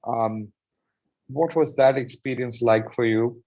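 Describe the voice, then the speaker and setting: A man's voice: medium pitch, takes it slowly, mellow. A man hosting an online session, thanking the speaker and politely asking questions with some hesitation. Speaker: host. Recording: muffled lo-fi audio.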